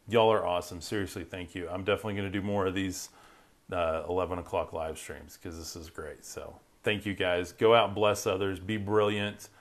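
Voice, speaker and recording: A man hosting a Christian live stream, chatting casually and upbeat, reading viewer comments, his voice worn from talking. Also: low voice. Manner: upbeat, rambling, reads viewer comments aloud. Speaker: Christian podcast host.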